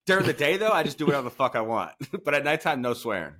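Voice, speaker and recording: A man's voice: a little high, very animated, quick pace, pushed and bright. A middle-aged man hosting a podcast, chatting casually, swearing freely and laughing as he tells stories. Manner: profane, laughing, storytelling. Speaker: podcast host. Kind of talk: casual chat.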